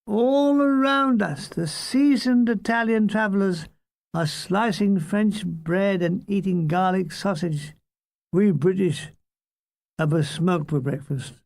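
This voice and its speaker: A man reads his comic memoir in a high, gravelly voice, taking his time. The delivery is deadpan and wry, and he leans toward the listener with asides. The recording is close and dry. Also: takes it slowly, dry recording. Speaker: author reading his own memoir.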